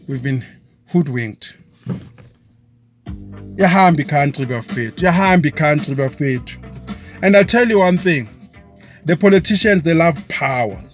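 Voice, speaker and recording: South African man, high-pitched, angry scornful rant, light music bed. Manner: impassioned and scornful, mixing isiZulu into English. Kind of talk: political rant to camera.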